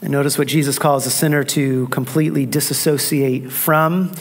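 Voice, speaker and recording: A man's voice: medium pitch, steady tone, normal speed. A man preaching a sermon, emphatic, repeating key phrases and asking rhetorical questions. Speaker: pastor.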